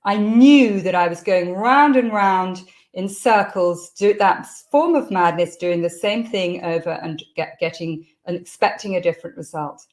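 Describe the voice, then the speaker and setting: A woman's voice: fairly low pitch, unhurried. A middle-aged woman, a parenting coach telling a candid personal story to camera. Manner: candid storytelling that acts out quoted shouts.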